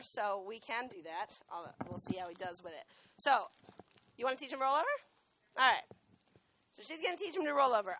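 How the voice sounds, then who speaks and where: A woman who trains dogs, giving a lively classroom talk and often asking the students questions. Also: a little high, no echo. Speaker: dog trainer and veterinary technician. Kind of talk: classroom talk with a live dog demo. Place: school classroom.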